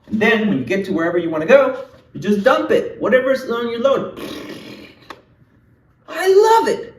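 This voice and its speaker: A man leading a playful lesson for young children, talking straight to them in an animated, singsong way. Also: high-pitched, a little fast, far from the mic, a little hiss or hum. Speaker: children's language teacher. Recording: echoey room, voice off-mic.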